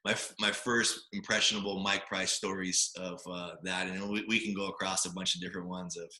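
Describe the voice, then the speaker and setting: This podcast guest, a Hawaiian man in his forties who once played quarterback, speaks low and fairly quickly. He's an animated storyteller in a relaxed interview, scattering fillers and tag questions like "right?" throughout, with a roomy echo on the audio.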